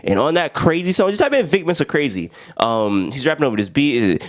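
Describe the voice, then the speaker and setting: A young man talks through an album in a loose, slangy way, his pitch leaping up and down as he gets excited. He laughs a lot and keeps breaking into quick voices for what others said. His voice sits a little higher than most men's. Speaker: music reviewer. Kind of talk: casual album review.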